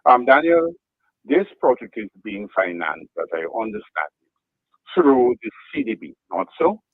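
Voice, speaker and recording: A man on a radio talk show asks careful, deliberate leading questions. His pitch rises and falls in a lively way. The sound is dry and narrow, like a phone line. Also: dry recording.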